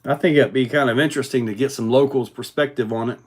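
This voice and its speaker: A man hosting a casual livestream, rambling in a relaxed way with many fillers while answering viewer comments. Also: medium pitch, fast. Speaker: RC hobby livestream host.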